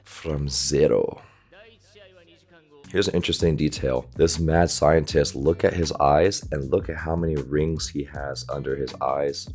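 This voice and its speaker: A man's voice: extremely low pitch, fairly even intonation, moderate pace, hardly any pauses, a little mellow. A man, a volleyball coach, chatting casually through an anime reaction and pointing out small animation details, on a desktop microphone. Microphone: desktop USB microphone.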